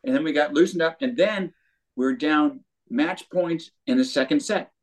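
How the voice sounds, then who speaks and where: An older man, a former tennis pro, telling a story in an interview with lively quoted voices. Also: a little high, normal speed. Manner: animated storyteller with acted quotes.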